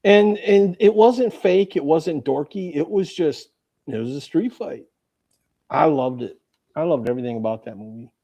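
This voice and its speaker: A man's voice: on the high side, moderate pace, mellow, lo-fi sound. A man co-hosting a live comics stream, chatting casually with a playful, teasing, jokey manner. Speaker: podcast co-host. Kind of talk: casual chat.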